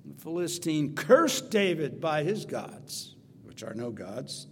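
A man preaching a sermon, retelling scripture with dramatic storytelling, swinging from loud emphasis to quiet asides. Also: a little high, very animated, slow, slightly rough. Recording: reverberant hall, faint hum.

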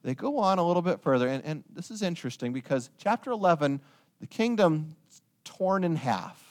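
A man preaching a sermon, retelling a story with lively storytelling and joking asides to his listeners. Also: fairly high pitch, fairly quick.

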